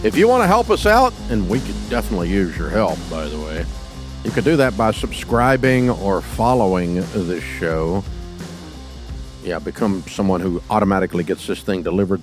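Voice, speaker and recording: A middle-aged man hosting a call-in business advice show, blunt and folksy with jokes. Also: low voice. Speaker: podcast host. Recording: dry studio sound.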